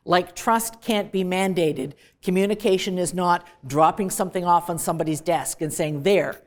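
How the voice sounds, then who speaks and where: A woman's voice: lowish voice, darkish tone. A woman professor giving a direct, emphatic recorded lecture to students. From Canada. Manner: direct, emphatic, dismissive of clichés.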